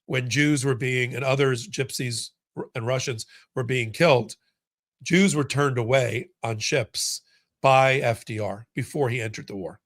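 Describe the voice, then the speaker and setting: In clean studio audio with no room sound, a legal commentary host with a medium-pitched, slightly bright voice talks at a measured pace. He hosts a casual live-stream on a court case, chatting, reading viewer comments aloud, and often starting over mid-sentence.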